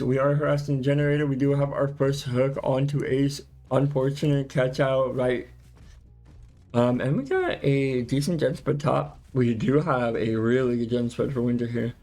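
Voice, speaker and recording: A man casting a live video game match as play-by-play commentary, chatty and quick to exclaim, often correcting himself mid-sentence. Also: medium pitch, gravelly, a little mellow. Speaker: esports caster.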